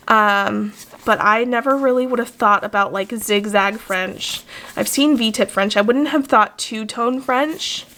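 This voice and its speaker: A woman's voice: on the high side, a bit bright. A young adult woman, a nail artist, chatting casually and gushing with enthusiasm as she unboxes nail design cards. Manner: gushing, enthusiastic, many fillers.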